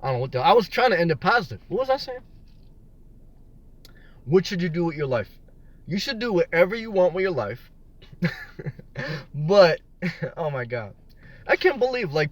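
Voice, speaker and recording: A man's voice: a little high, sing-song, a little fast, pauses often. A man live-streaming from his car, reading viewer comments aloud and rambling and joking about being single. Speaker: vlogger answering live chat. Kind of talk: casual live-stream chat. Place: in his car in a parking lot.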